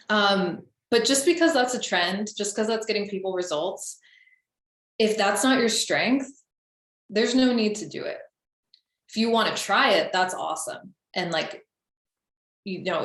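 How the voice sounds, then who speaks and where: A young woman coaching listeners on confidence in a casual, chatty way, full of "um" and "like.". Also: medium pitch. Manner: chatty, lots of fillers like "um" and "like". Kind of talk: casual spoken teaching. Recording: echoey room.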